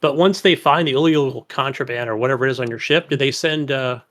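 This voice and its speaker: A man on a podcast, chatting casually and asking quick follow-up questions. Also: medium pitch, fairly bright tone. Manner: asks quick follow-up questions, laughs along. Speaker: podcast co-host. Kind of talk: casual gaming chat.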